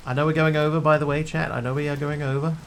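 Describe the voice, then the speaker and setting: A man streams a game and jokes around with his chat as he plays, giving casual commentary. He talks fast in a fairly high voice that barely changes pitch, with a slight hiss or hum on the recording.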